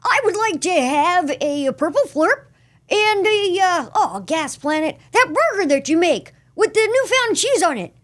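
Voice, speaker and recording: A woman's voice: moderate pace, exaggerated voice. A woman doing a chirpy boy genius cartoon voice. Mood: eager. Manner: bouncy, high and excited. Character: boy genius, about ten, eager and chirpy.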